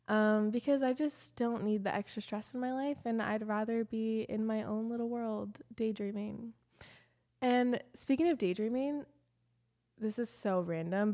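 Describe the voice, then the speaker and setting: A young woman hosting a podcast, telling a story in a candid, animated way and swearing freely. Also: mid-range voice. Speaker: podcast host. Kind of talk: casual storytime chat.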